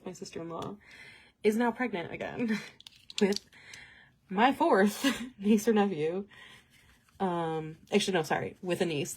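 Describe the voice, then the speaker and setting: A young woman hosting a livestream, chatting casually and telling an animated story, laughing often along the way. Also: on the low side, slight background noise. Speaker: host.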